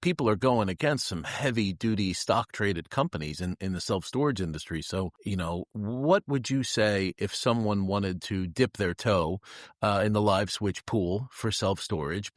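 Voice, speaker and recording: A man hosting a podcast, relaxed and joking, asking long questions. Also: sits low, no room sound, clean studio sound. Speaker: podcast host. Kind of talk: casual podcast interview.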